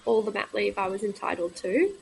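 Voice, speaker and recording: A woman in her thirties, a midwife, speaking as a guest in a candid podcast conversation, halting and frank with many pauses and fillers. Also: mid-range voice, creaky, noisy background.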